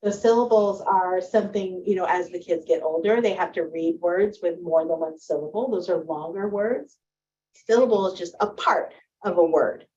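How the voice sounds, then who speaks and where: A woman's voice: lowish voice, normal speed, warm tone, muffled recording, slight background noise. A woman teacher giving a presentation to parents on early reading, explaining with friendly spoken examples.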